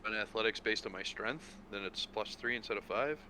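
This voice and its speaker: A man's voice: fairly low pitch, fairly quick, a crowd in the background, poor audio. A man playing a tabletop game, talking through his rolls in an easygoing, hesitant way. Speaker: player. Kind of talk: casual tabletop play.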